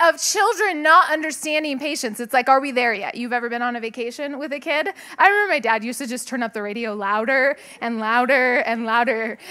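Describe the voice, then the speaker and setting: Woman pastor, chatty sermon voice, high and bright, laughs easily, preaching to a live congregation. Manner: chatty, laughs often, lively asides to the congregation. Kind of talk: conversational sermon with personal stories. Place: church sanctuary with a live congregation.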